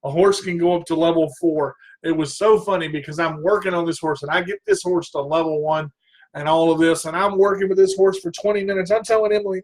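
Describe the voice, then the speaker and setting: A man hosting his own radio show, telling a rambling story in a casual, animated way. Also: a little high, brisk. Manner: animated, rambling, breaks into goofy singing.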